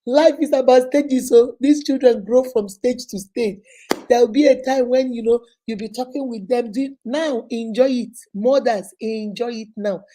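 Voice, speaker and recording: Woman in her fifties, mellow tone, casual live-stream chat, laughs a lot, greets viewers by name. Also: a little high, moderate pace. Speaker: host.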